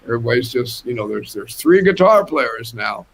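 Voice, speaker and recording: An older man telling a lively, laughing anecdote as a guest musician on a casual panel, talking over a video call from home. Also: medium pitch, normal speed, creaky, poor audio. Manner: animated, laughing anecdote teller.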